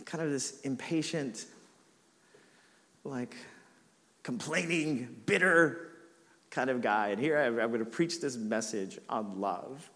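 A man's voice: mid-range voice, slow pace, pauses often, a bit bright, in a large hall. A man preaching a sermon as pastor, telling a funny personal story about himself with lots of casual fillers. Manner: storytelling with self-mocking humor and laughs.

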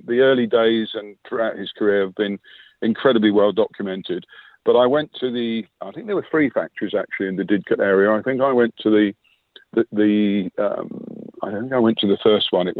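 A man's voice: fairly low pitch, dry recording. Man telling anecdotes down a phone line. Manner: reflective, storytelling with quoted dialogue and fillers. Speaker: interview guest, former sponsorship manager. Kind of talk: anecdotal interview answer. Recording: dry tinny phone-line sound.

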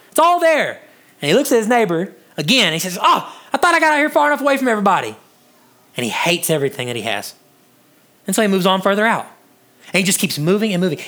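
A man preaching a sermon as pastor, animated, moving between loud high lines and hushed low ones and often repeating words as he restarts.

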